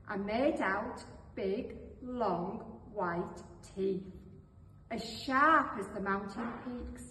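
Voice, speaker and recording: A woman reading a storybook tale aloud slowly and expressively. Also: mid-range voice, slight background noise. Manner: slow, expressive. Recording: echoey hall, voice from far off.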